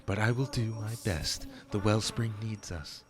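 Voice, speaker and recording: A man doing a deep, solemn ancient frog guardian. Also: lightly acted. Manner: slow, grave and deliberate.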